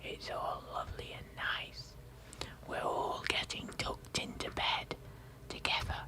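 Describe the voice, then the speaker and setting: A man's voice: takes it slowly, close to an everyday voice. Man putting on a whispered ASMR host. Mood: teasing. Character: mock ASMR host, male, soothing. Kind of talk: whispered role-play.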